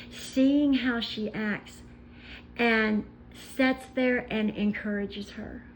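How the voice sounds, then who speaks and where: A woman vlogger telling stories in an emotional, indignant rant, pausing as she speaks. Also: a little high, slight background noise, poor audio. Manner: indignant, impassioned storytelling with pauses. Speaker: commentary vlogger.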